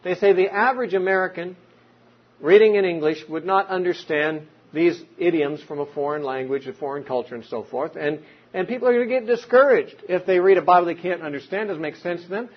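A man's voice: sits high, brisk. A man giving an unscripted Bible teaching talk, explaining with examples and rhetorical questions. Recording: dull lo-fi recording.

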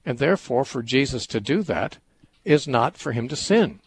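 A middle-aged man hosting a call-in radio show, calmly reasoning through a Bible question with everyday examples. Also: medium pitch, normal speed, husky. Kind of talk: call-in Bible teaching talk.

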